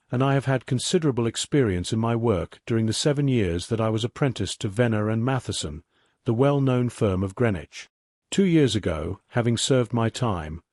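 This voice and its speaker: Calm guy reading a bedtime mystery audiobook, dry close sound. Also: mid-range voice, dry recording. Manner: calm, measured. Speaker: narrator. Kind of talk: soothing sleep-story audiobook narration.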